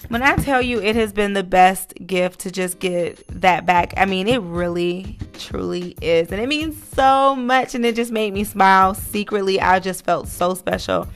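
A woman's voice: medium pitch, moderate pace, hardly any pauses, faint music behind. A woman hosting her own podcast, talking earnestly in a casual, encouraging monologue with lots of fillers. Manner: earnest, motivational, many fillers. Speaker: podcast host.

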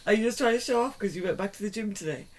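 A woman's voice: mid-range voice, racing, darkish tone. A woman co-hosting a podcast in casual chat, teasing and swearing, laughing often. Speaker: podcast co-host.

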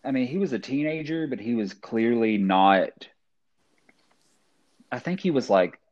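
A man's voice: medium pitch, expressive, unhurried, a little mellow, highs cut off, a little hiss or hum. A man co-hosting a casual true-crime podcast, thinking aloud and hesitating. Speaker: podcast co-host.

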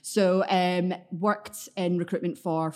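A woman in her thirties with a Glaswegian accent, chatting as a podcast guest, self-deprecating and quick to laugh. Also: lowish voice, steady tone, darkish tone. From Scotland, Glasgow area. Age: 30s. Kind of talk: casual interview chat.

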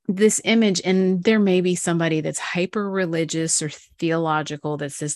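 Low-voiced woman hosting a faith talk. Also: steady tone, normal speed, hardly any pauses, no echo. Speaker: podcast host. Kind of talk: faith-based conversation.

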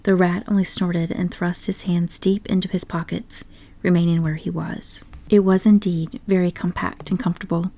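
A woman narrating a classic story aloud in a measured, expressive way. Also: on the low side. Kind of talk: audiobook storytelling.

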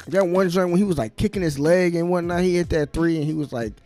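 A man's voice: on the high side, expressive, normal speed, mellow, faint music behind. Blunt young man, casual podcast talk. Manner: blunt, wry, slangy. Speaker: podcast co-host. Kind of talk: casual chat.

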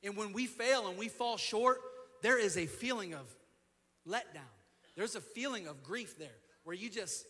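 A man's voice: high voice, normal speed, bright, forceful tone. A male assistant pastor preaching a midweek sermon in an earnest way, often repeating and restarting his phrases. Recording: long hall reverb.

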